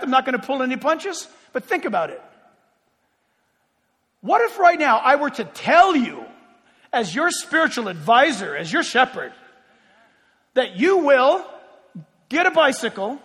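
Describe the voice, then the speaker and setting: A man with a very high voice preaches a sermon from the pulpit and keeps putting direct questions to his congregation. His voice rings with a long reverb through the church sanctuary. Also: sing-song, unhurried, pauses often, pushed and bright, slightly rough. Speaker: pastor.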